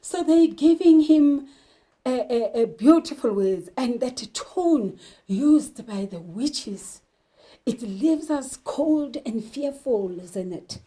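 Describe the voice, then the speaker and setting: A woman's voice: high voice, expressive, takes it slowly, dark tone, poor audio. A woman teaching a literature lesson, talking emphatically and putting questions to her learners. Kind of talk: televised classroom lesson.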